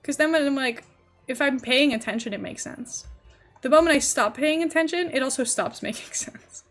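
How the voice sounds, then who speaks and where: A woman's voice: high voice, moderate pace, a bit bright, soft background music. A young woman streaming live, rambling casually and thinking aloud as she builds in a game. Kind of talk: casual livestream chat while building in a game.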